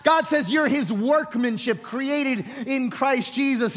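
A male pastor delivers a sermon in a high-pitched voice that carries a long reverb through a large hall. He moves from hushed, slow storytelling to loud, rising exhortation. He leads his congregation in call-and-response. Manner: dynamic preaching, swinging from hushed to shouting, call-and-response with congregation.

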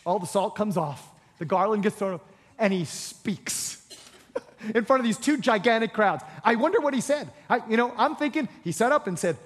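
A man preaching a sermon to a congregation, repeating phrases and building to passionate exhortation. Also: sits high. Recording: long hall reverb.

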